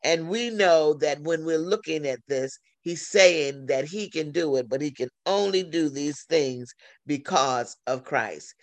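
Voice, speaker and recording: A man delivers a sermon at an unhurried, drawn-out pace, his voice rough and gravelly. He sits a little higher than most men and leans on repetition, circling back over each phrase. The sound is dry and close, with no room around it. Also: no room sound. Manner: slow, deliberate preaching with repeated phrases. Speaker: preacher. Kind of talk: sermon over a phone line.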